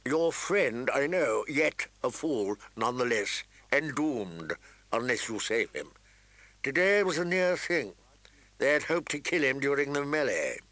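Man voicing a male eunuch spymaster, courtly, sly, soft and measured, thin sharp edge, bright tone, dry sound. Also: mid-range voice, very animated, dry recording, heavily acted. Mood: sharp urgent. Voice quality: soft, smooth tones turning thin and sharp. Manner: polite, measured and insinuating.

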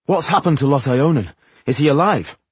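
A man's voice: a little high, expressive, moderate pace, slightly rough, no echo, voice pushed up. A man voicing an earnest young male dwarf who asks anxious questions.

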